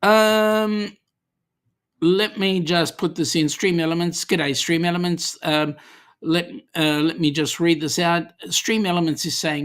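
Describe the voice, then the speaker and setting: A man's voice: on the high side, fairly even intonation, unhurried, fairly bright tone, clean tone. An Australian man hosting a casual livestream, reading viewer comments aloud in a chatty, easygoing way with lots of ums. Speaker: livestream host.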